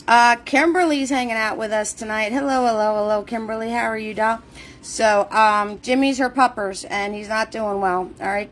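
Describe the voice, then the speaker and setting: A woman hosting a live painting class, bubbly and chatty, greeting viewers in a singsong. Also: fairly high pitch. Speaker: paint party host.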